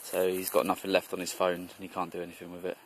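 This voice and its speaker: On a cycling trip, a young man chats casually to the camera outdoors on a mountain road, rambling and laughing as he goes. His low, husky voice is monotone and fast for this travel vlog. The audio is poor.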